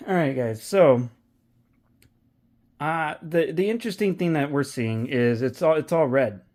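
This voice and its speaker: A man vlogs about his reselling business in a loose, profane ramble full of restarts. His voice sits slightly high for a man. He keeps it casual and blunt. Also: lively intonation, unhurried, a little mellow. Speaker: online reseller. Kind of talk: casual vlog commentary.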